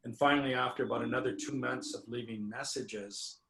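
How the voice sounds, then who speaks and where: Speaking briskly in a gravelly, fairly bright voice of medium pitch and steady tone, a winery owner spins a rambling anecdote during an interview, with lots of fillers and false starts. There's a roomy echo on the recording.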